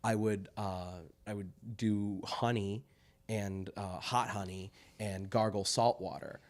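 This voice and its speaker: A man's voice: lowish voice, steady tone, slow. A man in his twenties, hosting a casual chat, rambling with self-deprecating asides. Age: 20s. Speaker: host.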